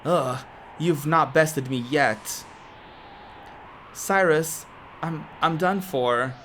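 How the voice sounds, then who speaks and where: A woman's voice: deep voice, extremely slow, a bit bright, slight background noise, exaggerated voice. A woman reading the lines of a young male knight who speaks in formal, old-fashioned phrasing. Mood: solemn.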